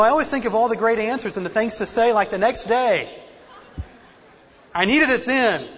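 Husky high-voiced man preaching in a hall. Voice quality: slight speech impediment. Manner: earnest, self-deprecating, varies loudness for emphasis. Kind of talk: sermon. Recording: dull lo-fi recording in a reverberant hall.

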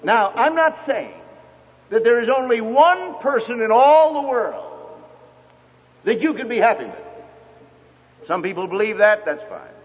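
An older man preaching a sermon, emphatic and telling stories with quoted dialogue, in a husky voice. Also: very high voice, very animated, a little slow, pauses often. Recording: dull lo-fi recording with long hall reverb.

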